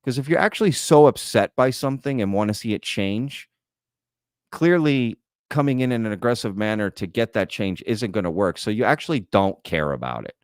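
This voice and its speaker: A man's voice: fairly low pitch, animated, brisk, clean tone, no room sound, studio quality. A man hosting a live stream, reading chat comments aloud and lecturing bluntly. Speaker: host.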